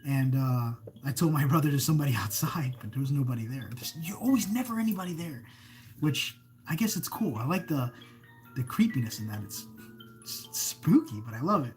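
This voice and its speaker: A man's voice: mid-range voice, lively intonation, brisk, darkish tone. A man hosting a casual live stream of creepy stories, rambling, breaking off mid-sentence and reading viewer comments aloud. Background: faint background music.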